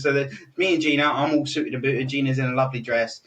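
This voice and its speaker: A young British man, a podcast host, telling an animated story in casual chat, laughing often and restarting his sentences. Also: medium pitch, fast talker, distant mic. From Britain.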